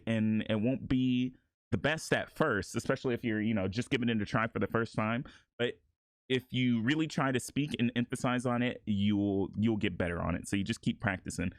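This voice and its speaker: A man with a mid-range voice talks casually through a voice acting tutorial. He's laid-back and rambles, with many restarts and laughs. The recording is dry.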